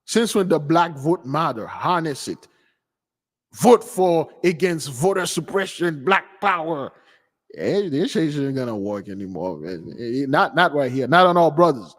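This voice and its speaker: A man hosting a spiritual channel, preaching casually to followers in an animated, emphatic and mocking way. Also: on the high side, measured pace, long reverb tail. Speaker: channel host giving a spiritual talk.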